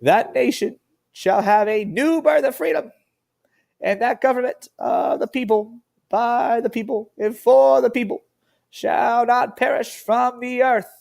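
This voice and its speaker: A man putting on a slow, solemn 1800s statesman voice. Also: very high-pitched, creaky, a little mellow, voice pushed up, exaggerated voice. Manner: slow, drawn-out, declaiming oratory. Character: solemn 1860s statesman giving a speech, man.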